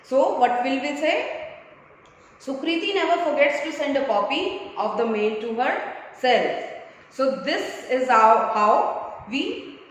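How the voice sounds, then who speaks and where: A high-voiced woman with an Indian accent teaches a grammar lesson in a slow, patient way, slipping between English and Hindi. Her voice rings in a bare, echoey room with a long reverb tail and a faint hiss behind it. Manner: explains in English mixed with Hindi.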